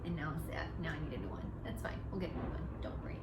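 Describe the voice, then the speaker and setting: A woman's voice: sits low, sing-song, very fast, creaky, very noisy. A woman hosting a home baking show, chatting playfully to the viewer as she works through a recipe in her kitchen. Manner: chatty and playful, talking to the viewer while working. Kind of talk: casual cooking demonstration.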